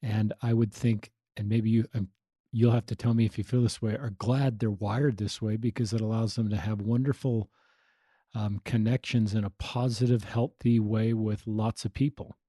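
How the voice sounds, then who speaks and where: A man's voice: lowish voice, level tone, moderate pace, warm tone, no room sound, clean studio sound. A man hosting a podcast interview, affirming his guest and thinking aloud. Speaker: podcast host. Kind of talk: interview talk.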